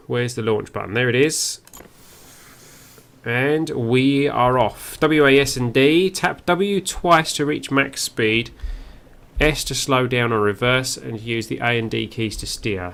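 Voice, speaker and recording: A man's voice: mid-range voice, a little slow, vocal fry, a bit bright. A man giving first-play game commentary, musing aloud and reading on-screen text as he goes. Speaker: game streamer.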